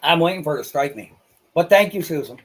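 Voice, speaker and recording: A man chatting on a livestream, his voice sitting a little higher than most men's. He talks bluntly and crudely, and he gets excitable between asides. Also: quick pace. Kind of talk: casual livestream chat.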